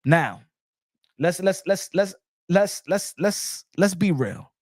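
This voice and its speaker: A man giving an opinionated casual boxing monologue, repeating phrases and getting louder as he gets worked up. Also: high voice, takes it slowly, dry recording, clean studio sound. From New York. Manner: animated, repeats phrases, rising to shouts when worked up. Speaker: boxing commentator.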